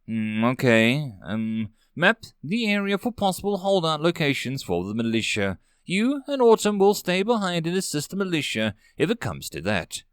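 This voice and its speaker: A man voicing a stern, commanding woman marshal who gives quick orders, with a lively swing in his pitch and a dry, close sound. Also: smooth, no room sound.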